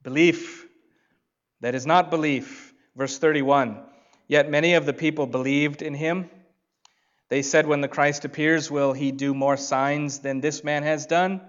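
Man, pastor, sermon, emphatic, drawn-out pauses, muffled recording. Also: on the high side, steady tone.

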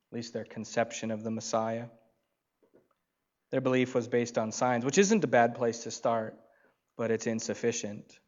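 Pastor, male, mid-pitched, emphatic sermon delivery with slow pauses, slightly dull lo-fi sound.

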